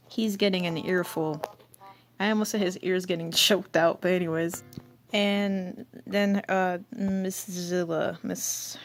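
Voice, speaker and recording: A woman hosting her channel, reading through an old comic in casual commentary, rambling and giggling at herself. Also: on the low side. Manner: rambling, giggly, self-mocking. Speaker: channel host.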